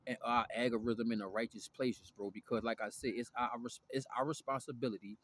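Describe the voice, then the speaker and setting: A man's voice: medium pitch, steady tone, fairly quick, fairly bright tone. A young man telling a story in a rambling, profane monologue, full of slang and restarts. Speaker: vlogger. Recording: noisy background.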